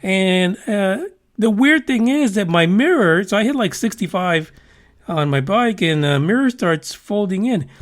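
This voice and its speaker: A man's voice: high-pitched, lively intonation, unhurried. A man hosting a podcast, chatting casually about news with rambling, profane, wisecracking asides. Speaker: podcast host.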